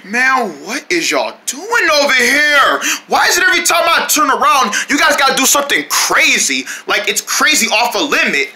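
A performer in a comedy skit, talking in an exasperated, loud way. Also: sits high, very animated, normal speed, hardly any pauses.

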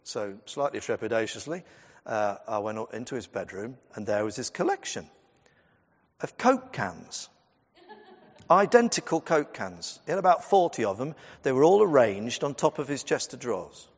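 Lively chatty minister in a reverberant church. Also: male voice, medium pitch, normal speed, breathy edge. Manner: chatty storytelling with humour, asides to the congregation. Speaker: Methodist minister. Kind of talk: sermon.

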